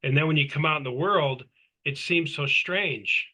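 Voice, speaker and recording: A man's voice: fairly high pitch, moderate pace, sharp tone, low-quality recording. An older man co-hosting, reflecting thoughtfully and wryly in loose conversation.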